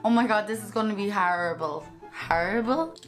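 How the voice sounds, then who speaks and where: An Irish YouTube vlogger with a medium-pitched voice talks briskly over faint background music. She's casual and chatty, giggles a lot, and often trips over her words before correcting herself.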